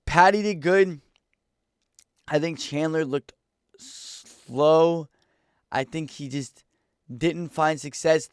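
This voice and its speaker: Slangy, excitable young guy reacting to fights. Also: a little high, clean tone, no echo, clean studio sound. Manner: slangy, excitable, rambling with lots of "bro". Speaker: MMA reaction YouTuber. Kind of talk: casual fight reaction vlog.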